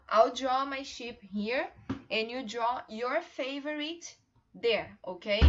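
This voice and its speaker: A young woman with a high, bright-toned voice teaches English to little children. She speaks slowly, stretching each question in a sing-song, encouraging way. The sound is a bit dull and lo-fi, like a home laptop recording. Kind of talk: children's online class with songs.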